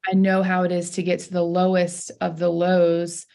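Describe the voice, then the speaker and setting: A woman's voice: fairly low pitch, completely flat delivery, normal speed, gravelly, dark tone. A young adult woman, a pastor and podcast guest, telling a personal story in an earnest, heartfelt way. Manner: heartfelt, earnest, laughs through tears.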